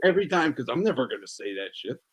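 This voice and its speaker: A man's voice: mid-range voice, very animated, fast, husky. A man hosting a casual podcast chat, talking loosely with lots of swearing and frequent laughter. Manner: loose, profane, laughs often. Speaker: podcast host.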